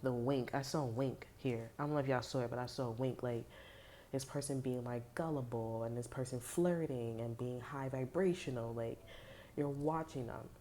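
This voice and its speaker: A woman reads tarot cards for her viewers in a loose, rambling way, swearing freely and leaning on fillers and slang. Her voice sits very low with a dark, mellow tone, and a faint hiss runs underneath. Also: moderate pace. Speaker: tarot reader. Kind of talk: casual tarot reading.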